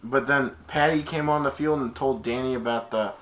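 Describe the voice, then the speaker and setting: With fairly even intonation and a moderate pace, a male reviewer narrates a movie's plot offhandedly, tying events together with "and then." Now and then he bursts into loud, high-pitched quotes from the characters.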